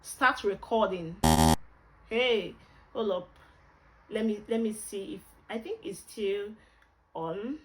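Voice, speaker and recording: A woman's voice: mid-range voice, slow pace, pauses often, a little hiss or hum, low-quality recording. A woman with a Nigerian accent, chatting casually and expressively through a camera review vlog, with pidgin exclamations.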